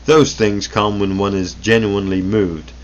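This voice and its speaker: Man reading aloud, slightly deep voice. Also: steady tone, a little slow, dull audio. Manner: unrehearsed, stumbles and corrects himself mid-sentence. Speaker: reader of old booklets. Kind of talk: reading a vintage self-help booklet aloud.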